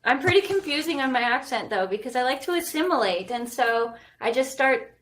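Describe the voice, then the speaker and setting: A woman speaks in a slightly high voice. She talks casually and with animation as a podcast guest, laughing easily. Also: brisk. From Canada. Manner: animated, laughs often, playful. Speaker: guest architect.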